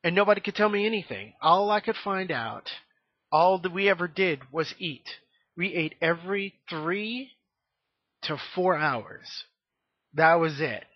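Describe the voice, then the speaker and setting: A man's voice: high voice, expressive, measured pace, no room sound. A man in his thirties talking frankly to his camera in a rambling, casual monologue full of fillers. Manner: rambling, frank, many fillers and "you know". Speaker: vlogger. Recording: dry, dull lo-fi home recording.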